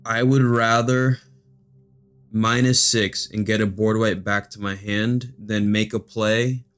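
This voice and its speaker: A man hosting a card game channel, explaining deck strategy in a steady, monotone way. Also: on the low side.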